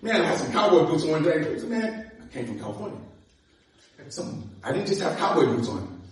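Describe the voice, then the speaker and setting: Ny pastor guy telling stories in his sermon, kinda high voice, big echo. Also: fairly quick. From New York. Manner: animated, acts out dialogue, laughs often. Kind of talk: sermon with storytelling. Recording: echoey room from far off.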